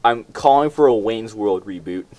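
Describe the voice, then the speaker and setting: A man's voice: lowish voice, moderate pace, mellow. A teenage boy co-hosting a school podcast, tossing in short remarks and searching for names as he talks. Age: teens. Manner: short interjections, gropes for names. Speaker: podcast co-host. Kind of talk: casual chat.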